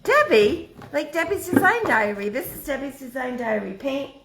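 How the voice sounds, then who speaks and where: A woman hosting a casual live craft stream, chatty and excitable, thinking out loud as she works. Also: high voice, moderate pace, echoey room, very noisy. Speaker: craft livestream host.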